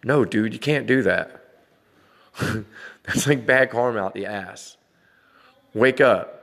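A man's voice: lowish voice, slow pace, vocal fry, a bit bright, long reverb tail. A man in his forties ranting casually to his viewers, blunt and full of swearing, laughing now and then. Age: 40s. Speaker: vlogger dad. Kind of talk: casual rant to camera.

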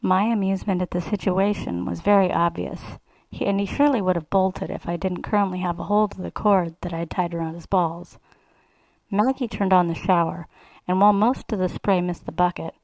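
A woman's voice: fairly low pitch, vocal fry, a little mellow, no room sound, rough recording. A woman reading a first-person erotic story aloud in a sly, relishing way. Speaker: reader.

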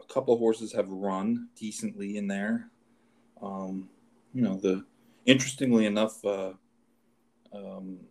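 A man with a fairly low voice hosts a casual horse racing talk show. He talks in a halting way, stacking fillers and restarting his sentences as he goes through the card. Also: darkish tone. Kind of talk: casual chat.

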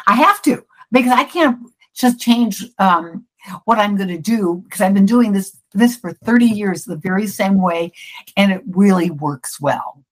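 A woman's voice: mid-range voice, normal speed, rough recording. A middle-aged woman talks casually as a psychic guest in an interview. She rambles and restarts her sentences as she explains herself.

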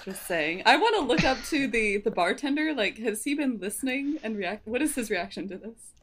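A woman's voice: fairly high pitch, lively intonation, fairly quick, noisy background. A woman playing a tabletop game, playful and giggly. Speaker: player. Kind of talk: casual tabletop play.

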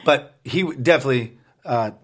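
A man with a Brooklyn accent co-hosting a podcast, telling stories in animated, profane casual banter. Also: medium pitch, a little fast. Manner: animated, profane storytelling with put-on voices. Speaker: podcast co-host.

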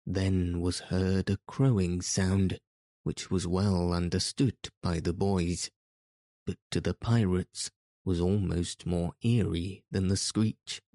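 A man narrates a story in a deep, dark, mellow voice. He reads slowly and steadily, with very little rise and fall. The sound is close and dry. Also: no echo. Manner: measured, even storytelling. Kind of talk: audiobook narration.

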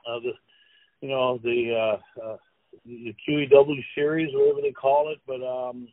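A Canadian man in his sixties reminisces in a loose, rambling way, full of fillers and restarts. His voice sits at a middling pitch. It comes through a dry, tinny, phone-like line. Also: normal speed, vocal fry, no room sound. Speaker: former player, guest. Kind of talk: casual storytelling.

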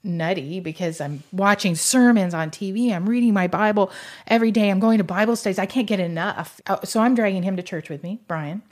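A middle-aged woman shares her faith testimony in an interview. She talks in an emotional, meandering way, doubling back and filling gaps with "you know." Her voice sits at an ordinary middle pitch for a woman. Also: brisk, darkish tone. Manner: emotional, rambling with frequent restarts and "you know". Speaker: guest sharing her faith story. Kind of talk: conversational testimony.

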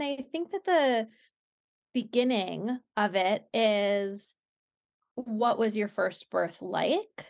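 Creaky-voiced woman birth educator. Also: medium pitch. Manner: eager, explains by asking questions. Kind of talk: casual interview chat.

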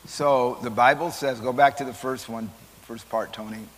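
Pastor teaching with hall reverb. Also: male voice, medium pitch, fairly even intonation, moderate pace, a bit bright, a little hiss or hum. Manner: conversational preaching, calls on listeners. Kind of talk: Sunday school teaching. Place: church.

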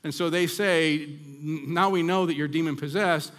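Man, pastor, sermon, slightly high voice, long hall reverb, dramatic scripture reading. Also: steady tone, normal speed, a bit bright.

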